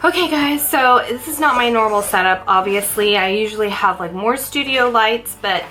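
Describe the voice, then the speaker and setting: A young female beauty vlogger chats through a casual get-ready-with-me makeup routine, self-mocking and a little out of breath, with faint music in the background. Her slightly high voice is pushed and bright at a moderate pace, and the poor audio carries a little hiss or hum.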